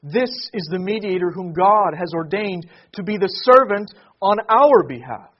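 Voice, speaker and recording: A man preaching a sermon in a husky, fairly high voice. His delivery swells into emphatic peaks and then falls back to hushed lines. The recording is dull and lo-fi. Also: expressive, a little slow. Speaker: pastor.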